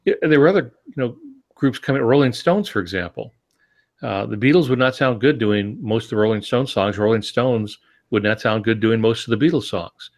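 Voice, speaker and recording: A man's voice: medium pitch, brisk. A man co-hosting a podcast about writing, talking casually and thoughtfully and explaining his points with frequent ums and restarts. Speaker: podcast co-host.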